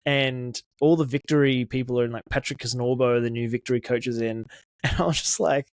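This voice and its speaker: A man's voice: medium pitch, fairly even intonation, brisk, dry recording, clean studio sound. A man co-hosting a podcast in casual chat, laughing easily and telling stories against himself. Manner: laughs easily, chatty and self-mocking. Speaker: podcast co-host.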